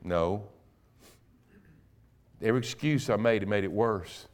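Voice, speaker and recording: A middle-aged man, a guest preacher in a church, telling his own conversion story and building to loud, emphatic preaching. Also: on the low side, unhurried. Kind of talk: sermon. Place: church sanctuary.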